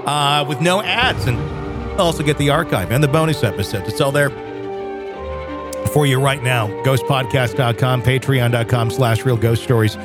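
A man's voice: medium pitch, moderate pace. A man hosting a call-in show, reading promos in an easygoing, chatty way. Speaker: host. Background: music.

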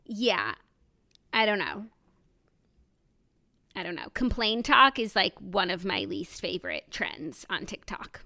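Woman on a podcast, bright voice, easygoing, kinda trails off. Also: medium pitch, big pitch swings, slow pace, pauses often. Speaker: podcast co-host. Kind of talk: casual chat.

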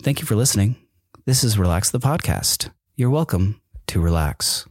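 A man's voice: lowish voice, expressive, normal speed, no room sound, studio quality. A man hosting a podcast, telling a personal story in a rambling, casual way with many fillers and restarts. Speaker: podcast host. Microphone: microphone with camera.

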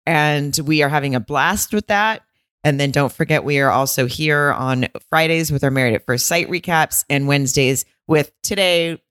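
A woman's voice: rumbling low, dry recording, clean studio sound. Teasing, chatty comedian woman. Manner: chatty, teasing, quick to laugh. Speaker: comedian and podcast co-host. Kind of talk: casual chat.

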